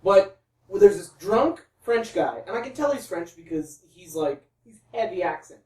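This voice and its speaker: Excitable man, distant in an echoey room. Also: high-pitched, normal speed. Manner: animated storyteller, excitable. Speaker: podcast co-host. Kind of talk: casual chat.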